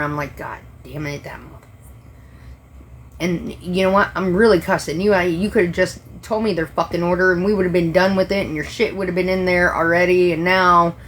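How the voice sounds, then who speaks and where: Lower-voiced woman ranting, swearing freely. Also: slight background noise. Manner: profane, exasperated ranting. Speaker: restaurant server. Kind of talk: casual livestream rant.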